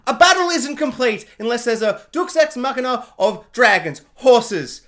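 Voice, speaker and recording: A man's voice: very high voice, lively intonation, unhurried, fairly bright tone. A man giving a sarcastic, rambling casual review rant, full of filler words. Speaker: show reviewer.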